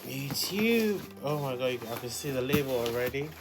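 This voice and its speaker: A woman's voice: extremely low pitch, lively intonation, normal speed. A woman vlogger doing a casual unboxing, gushing and repeating the same exclamations again and again. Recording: music playing under the voice.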